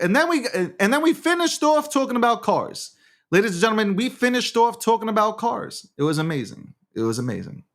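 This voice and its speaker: A man's voice: sits high, fairly bright tone. A man hosting a casual crypto livestream, talking in a hyped, showy, repetitive patter. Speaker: livestream host.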